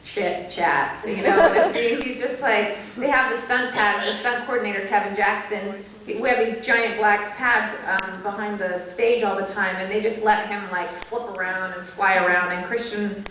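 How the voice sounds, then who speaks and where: A woman's voice: mid-range voice, steady tone, normal speed, hardly any pauses. A woman on a convention panel, chatting with fillers and laughs. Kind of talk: casual panel chat. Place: large convention hall. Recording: echoey hall from far off, clear noise.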